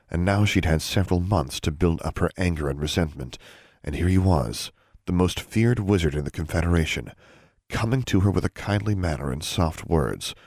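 A man reading a novel aloud as narrator, in an even, unhurried storytelling manner. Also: deep voice, no echo, clean studio sound. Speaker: audiobook narrator. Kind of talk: scripted narration.

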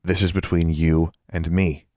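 A determined teenage girl in a storybook speaks coldly and firmly, voiced by a man in his own deep register. Her lines come out clipped and hard, close and dry on the mic. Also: flat delivery, unhurried, darkish tone, no echo. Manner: clipped, firm.

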